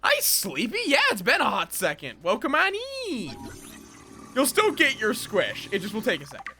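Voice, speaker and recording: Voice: mid-range voice, huge pitch swings, moderate pace, sharp tone, faint music behind. A streamer in casual live-stream chat while gaming, rambling and cutting themselves off mid-thought as they talk to viewers. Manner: rambling, self-interrupting, chatty with viewers.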